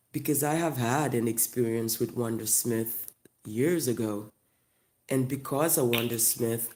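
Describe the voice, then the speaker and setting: A comedian with a Haitian accent tells a profane, loud, mocking story straight to camera. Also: medium pitch, slight background noise.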